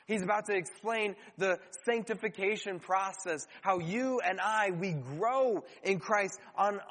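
A man's voice: high voice, fairly bright tone, big-room sound, poor audio. A male pastor preaching a sermon, earnest and direct, asking the listeners rhetorical questions.

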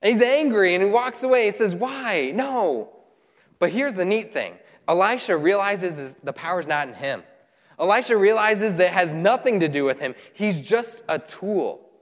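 A man preaches a sermon in a fairly high voice. He reads scripture and breaks into lively asides, acting out the characters. His voice rings with the long reverb of a big hall. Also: normal speed. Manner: animated, voices the characters while retelling.

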